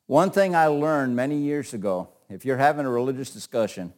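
A man's voice: medium pitch, fairly quick, a little mellow. A middle-aged man teaching an informal Bible class, talking in a loose, joking way and often repeating words.

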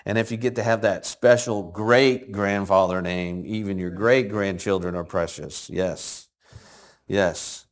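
An older man, a grandfather and preacher, teaches a Bible story to a group, regularly asking them questions, with the congregation responding, and acting out the quoted lines. His voice is deep and steady, his pace a little slow.

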